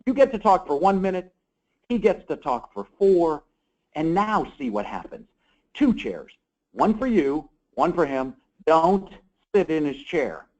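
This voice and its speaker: A man's voice: fairly high pitch, a little slow, dull audio. A man being interviewed as an author on a call, telling stories with energy and acting out dialogue. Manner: energetic, acts out quoted dialogue. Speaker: author and guest. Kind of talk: animated storytelling interview. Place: call or webinar.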